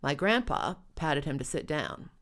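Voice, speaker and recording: A woman telling a first-person story with wry, dry humor. Her voice sits low. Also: sing-song, measured pace, a bit bright.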